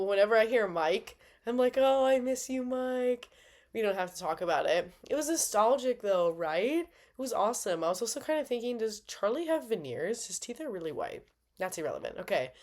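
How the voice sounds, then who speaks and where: A woman chats through a fight-night recap in a bubbly, playful way. She talks at a middle pitch for a woman and plays up the drama with slangy asides. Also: animated, brisk, a little mellow. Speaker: MMA fan reviewer. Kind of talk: casual recap commentary.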